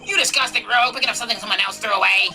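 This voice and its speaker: Woman doing a cranky old grandpa, gruff and loud, game music underneath. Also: fairly high pitch, racing, pitched above the performer's own voice. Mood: angry. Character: grouchy old man, shouting and scolding.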